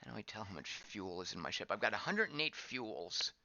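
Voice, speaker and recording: A man's voice: fairly low pitch, very animated, brisk, vocal fry, bright, forceful tone, no echo. A man giving casual gameplay commentary as he plays, thinking aloud, wondering and reacting to what is on screen. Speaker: game streamer. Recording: dull lo-fi dry voice track.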